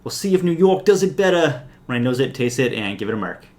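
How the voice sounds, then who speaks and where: A man's voice: lowish voice, fairly even intonation, fast, close to an everyday voice. A man putting on an exaggerated, jokey New York accent as a brash New Yorker. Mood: mock-boastful.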